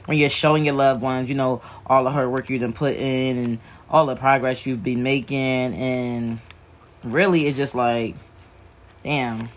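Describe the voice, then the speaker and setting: A grieving woman talking frankly and emotionally to camera while sewing with needle and thread, rambling and swearing freely. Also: rumbling low. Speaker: wig maker working while talking. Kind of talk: candid talk to camera while working.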